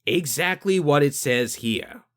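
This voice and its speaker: A man's voice: fairly high pitch, animated, a little slow, voice pushed up. A man doing an officious ship inspector. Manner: officious, rule-bound. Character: officious middle-aged male ship inspector.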